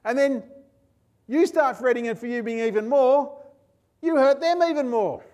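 With a fairly high but darkish voice, a middle-aged pastor delivers an earnest sermon at a measured pace. Emphatic lists of words pile up, and he returns again and again to brief refrains.

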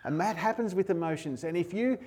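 Earnest high-voiced male preacher. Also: brisk, darkish tone, breathy edge. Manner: earnest, repetitive preaching cadence with emphatic lists. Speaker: pastor. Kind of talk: sermon.

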